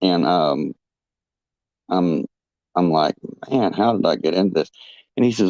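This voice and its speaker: A man on a podcast telling a rambling first-person story, halting and full of fillers and restarts. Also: low-pitched, darkish tone, no room sound, muffled recording.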